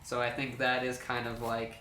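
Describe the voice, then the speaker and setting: A man's voice: mid-range voice, completely flat delivery, moderate pace, bright, forceful tone, echoey room, a little hiss or hum. A man acting as game master, explaining the rules in a rambling way, full of fillers and restarts. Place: room shared with players.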